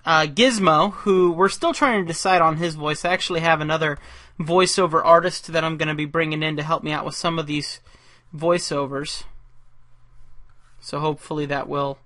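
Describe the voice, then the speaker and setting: Bright-voiced man musing while drawing. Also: a little high, steady tone, moderate pace. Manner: rambling, self-deprecating, thinking aloud. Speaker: caricature artist. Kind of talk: casual drawing commentary.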